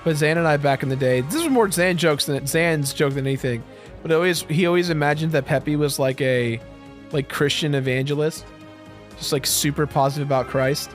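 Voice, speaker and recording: A man's voice: on the high side, brisk, faint music behind. A young man chatting casually during a let's play, self-deprecating and talkative. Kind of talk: casual gameplay banter.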